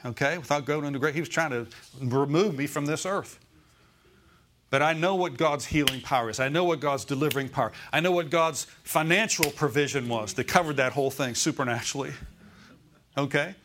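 A man's voice: fairly high pitch, brisk, fairly bright tone. A male pastor preaching a Sunday sermon in a church, often calling out "Amen?" and "Okay?" to the congregation.

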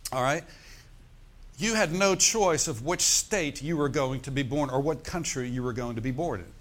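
A man preaching a sermon, slowing down to stress key words and asking the congregation "Amen?" between points. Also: on the high side, fairly bright tone. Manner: preacher's call-and-response with "Amen?" and "Praise the Lord". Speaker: pastor.

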